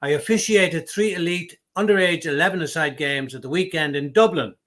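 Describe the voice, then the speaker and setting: A man's voice: a little high, a little fast, a bit bright. A man co-hosting a casual refereeing discussion, chatting and reading out viewer messages. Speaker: co-host.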